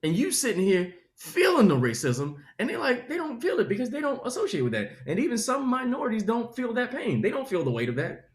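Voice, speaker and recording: A comedian with a Southern accent, riffing in an animated, preachy way with comic asides during an interview. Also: male voice, extremely high pitch, quick pace, reverberant. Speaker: comedian guest. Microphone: video call.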